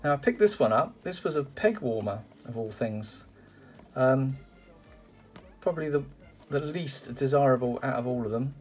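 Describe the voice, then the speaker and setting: A man's voice: mid-range voice, expressive, normal speed, faint music behind. A man chatting casually and enthusiastically while unboxing and reviewing die-cast toy cars, with lots of "uh" and "um" and frequent exclamations. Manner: enthusiastic and exclamatory, with many fillers. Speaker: toy car collector reviewing a parcel.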